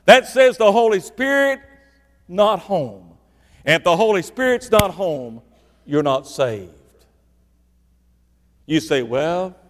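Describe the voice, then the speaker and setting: A middle-aged man, preaching a sermon and swinging between loud bursts and hushed, low lines for emphasis. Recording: echoey hall reverb.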